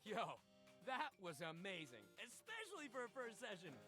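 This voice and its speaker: A man's voice: sits high, huge pitch swings, moderate pace, over music. An actor voicing a cheerful, confident male dumbbell fitness coach in a video game, talking in upbeat coaching slang. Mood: encouraging.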